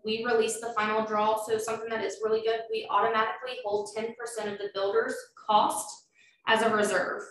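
A woman's voice: a little high, level tone, a little fast. A woman, a loan officer giving an informal presentation, explaining steps with frequent fillers. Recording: echoey room, far from mic, faint noise.

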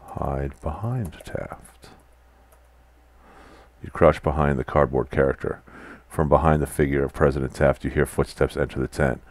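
A man's voice: very deep voice, moderate pace, no echo. A man playing a text adventure game, reading the game text aloud and chatting casually between commands. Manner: quiet, mutters typed commands. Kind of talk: casual let's-play commentary.

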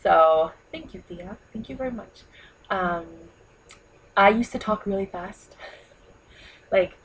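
A woman in her thirties from New York, talking to camera in a chatty, animated way, full of "you know" and "like.". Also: mid-range voice, takes it slowly, breathy edge, low-quality recording. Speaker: vlogger giving speaking advice. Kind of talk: casual talk to camera.

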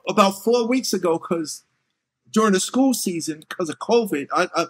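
A man's voice: sits high, normal speed, breathy edge. A middle-aged man as an interview guest, telling stories animatedly and acting out what others said. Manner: animated, acts out quotes in voices. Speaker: guest, veteran rapper. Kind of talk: casual interview storytelling.

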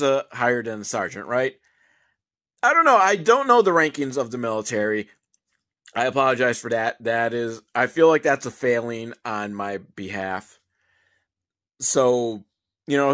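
A man's voice: medium pitch, fairly bright tone. A man giving a casual, comedic movie recap, rambling and sarcastic with some swearing. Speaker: movie reviewer.

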